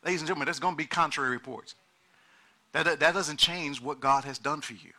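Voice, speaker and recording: A man preaching a sermon in an animated way, repeating words and acting out the people he quotes. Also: a little high, quick pace.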